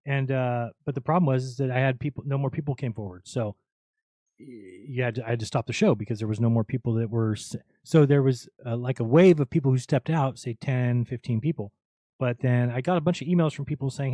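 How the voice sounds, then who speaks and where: A man hosts a live online panel show, pressing his arguments with emphatic, casual talk. His voice is dark and mellow, recorded dry and close. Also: mid-range voice, brisk, no echo. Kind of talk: livestream panel chat.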